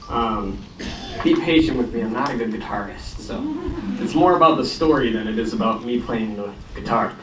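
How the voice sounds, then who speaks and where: A man casually telling a story to a congregation audience, chatty and self-deprecating, before playing guitar. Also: medium pitch. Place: congregation hall. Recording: echoey hall, distant mic, guitar.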